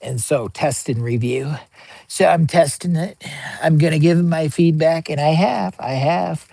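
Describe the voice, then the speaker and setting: A goofy man talking on a live stream, joking and getting worked up as he hypes his viewers. His voice sits a little high with a gravelly edge. The sound is dry and close, with no room echo. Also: measured pace. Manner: joking, hyped, begs for likes, bursts of excitement. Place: outdoor campsite by a pellet stove.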